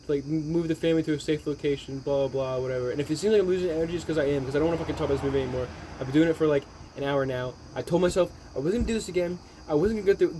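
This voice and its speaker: A man's voice: a little high, dark tone, slight background noise. A man giving a rambling, exasperated movie recap, swearing heavily as he talks. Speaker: movie reviewer. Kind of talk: profane movie recap rant.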